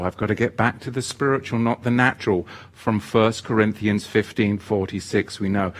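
A man preaching a sermon, emphatic and repetitive, swinging between loud exhortation and quieter asides. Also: mid-range voice, normal speed.

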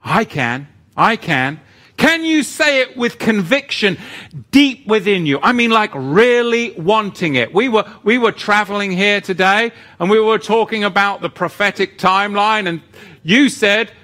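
A man preaches with a high, bright voice that leaps up and down in pitch. He takes his time, pressing rhetorical questions, then drops to hushed asides. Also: measured pace. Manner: animated, swings between loud and hushed. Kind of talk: sermon.

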